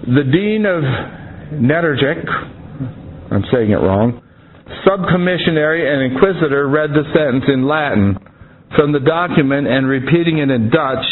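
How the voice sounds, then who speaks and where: A man's voice: on the high side, lively intonation, normal speed. Man reading aloud over a tinny line. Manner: earnest reading, breaking into casual asides. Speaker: reader and commentator. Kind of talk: reading a historical account aloud with asides. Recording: tinny phone-like audio with faint noise.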